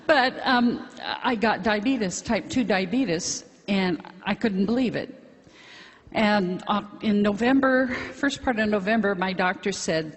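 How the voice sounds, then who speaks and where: A woman's voice: mid-range voice, normal speed. A middle-aged woman giving a chatty, rambling, self-deprecating testimony to a convention audience. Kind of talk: casual spoken testimony to an audience. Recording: hall reverb, faint crowd and noise.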